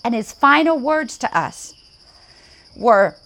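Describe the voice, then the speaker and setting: A slightly high-voiced woman speaks as a missionary, telling her testimony with fervor. Her delivery is emphatic and swells with feeling at key moments. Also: very animated, takes it slowly, a bit bright. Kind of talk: emotional testimony storytelling.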